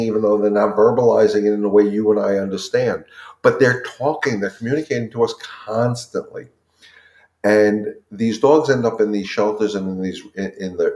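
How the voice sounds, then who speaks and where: A man's voice: lowish voice, darkish tone. A man hosting a live dog-training Q&A, talking earnestly and repeating himself, often calling his viewers "guys". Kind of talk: impassioned casual talk to viewers. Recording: roomy echo.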